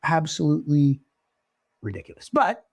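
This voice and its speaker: A man co-hosting a podcast, telling stories in casual chat and jumping up in pitch when he gets excited. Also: moderate pace, gravelly, a little hiss or hum. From Oregon. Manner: animated storyteller, pitch jumps when excited. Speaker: podcast co-host.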